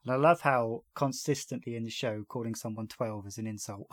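A man's voice: medium pitch, moderate pace, dry recording. A man hosting a casual podcast, chatting about a TV series episode and retelling scenes with frequent laughs. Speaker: podcast host.

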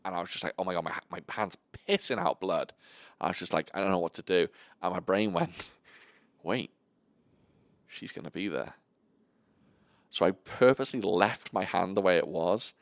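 A man's voice: deep voice, normal speed, creaky, long pauses, no room sound. A man hosting a podcast, telling stories in casual chat with lots of swearing and acted-out voices. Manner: animated, sweary storytelling, acts out voices. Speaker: podcast host.

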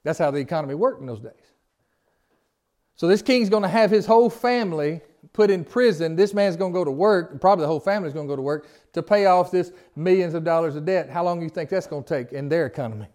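High-voiced man leading a casual Bible study. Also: fast, a little mellow. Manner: reads scripture aloud, then asks the group questions; informal, folksy phrasing with repeated starts. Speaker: Bible teacher. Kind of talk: conversational Bible study teaching.

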